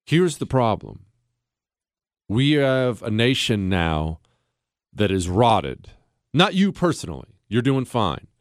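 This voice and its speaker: A man hosting a political commentary show, animated and sarcastic, slipping into mocking voices. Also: mid-range voice, takes it slowly, long pauses, no echo, studio quality. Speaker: host.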